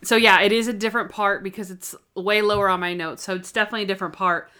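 A woman's voice: mid-range voice, steady tone, fast talker, sharp tone, smooth. Young woman, casual chat, enthusiastic, chatty co-host. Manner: chatty, enthusiastic, acts out scenes in quotes. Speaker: podcast co-host reviewing a TV episode.

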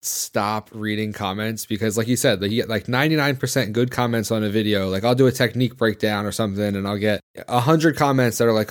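A man's voice: mid-range voice, brisk, few pauses. A man in casual conversation, easygoing and joking, talking about reading comments on his videos.

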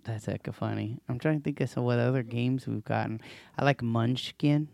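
Man, podcast co-host, gravelly voice, chatty, laughs a lot, dry close recording. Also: mid-range voice, normal speed, mellow, no room sound. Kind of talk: casual chat.

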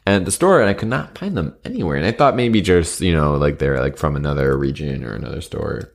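A man's voice: a bass voice, expressive, a little fast, gravelly. A man improvising a comedy scene, hesitant and rambling with lots of fillers.

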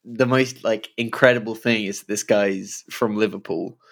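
A man's voice: on the low side, steady tone, unhurried, fairly bright tone. Chatty man joining a game conversation. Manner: chatty, laughing, chimes in with side notes. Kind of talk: casual podcast chat about a video game.

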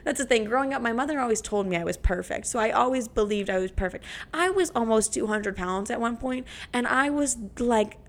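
A woman's voice: on the high side, brisk, few pauses. A young woman hosting a podcast, talking in a brash, profane, dramatic way. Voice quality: creaky. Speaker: podcast host. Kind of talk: casual podcast monologue.

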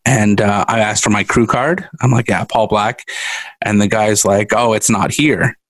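A man's voice: lowish voice, fairly even intonation, unhurried, no echo. A middle-aged man co-hosting a podcast, telling a story casually and laughing often. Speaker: podcast co-host. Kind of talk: casual chat.

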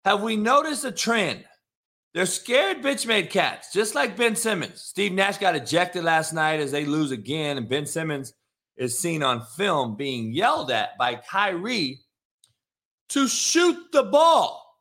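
A man's voice: high-pitched, slow. A man hosting a sports talk show, brash and profane, ranting about the news. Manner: brash, swearing, animated.

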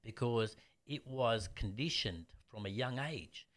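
A man's voice: medium pitch, unhurried. Blunt aussie guy in his 50s, martial arts teacher, chatting casually. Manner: animated storyteller, blunt. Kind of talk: casual interview chat.

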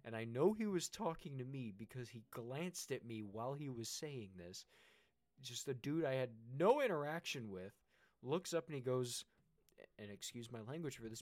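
A young man co-hosting a casual chat, telling a long story with many restarts and getting animated when excited. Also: medium pitch, no echo, studio quality. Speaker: co-host.

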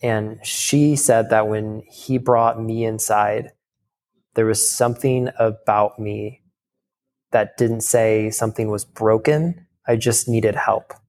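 A man's voice: lowish voice, level tone, slow pace, a little mellow. Man telling a rambling story. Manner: rambling, heavy use of "like"; swears casually. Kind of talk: casual storytelling.

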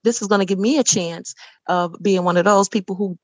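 A woman's voice: medium pitch, fairly even intonation, fairly quick, no echo. A woman guest on a faith podcast who tells stories effusively and often repeats herself. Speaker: podcast guest, boutique founder. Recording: dull lo-fi sound.

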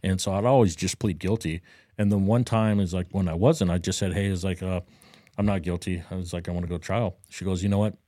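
A deep, mellow-voiced man spins a casual story on a podcast, jumping up in pitch whenever he acts out someone else's words. The recording is dry and close, with no room around him. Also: fast talker, no room sound. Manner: animated, acts out quotes with a higher voice. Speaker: podcast co-host. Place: Daytona Beach, Florida.

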